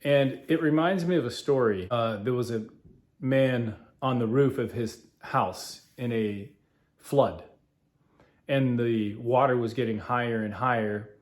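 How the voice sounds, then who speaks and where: A man hosting a podcast, talking in a halting, earnest way with many fillers. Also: mid-range voice, a little mellow. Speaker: podcast host. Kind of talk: casual spoken commentary.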